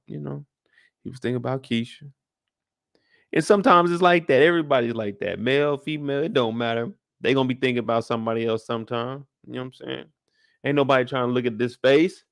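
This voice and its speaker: Young male recap host, casual and slangy, jokey, mid-pitched voice, dry close sound. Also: no room sound. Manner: slangy, joking, talks straight to the characters. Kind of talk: casual live after-show discussion.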